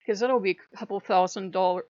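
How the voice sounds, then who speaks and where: A woman's voice: medium pitch, fairly even intonation, fairly quick, darkish tone, dry recording, highs cut off. A woman telling a casual story in a blunt, chatty way, swearing freely and laughing often. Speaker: vlogger.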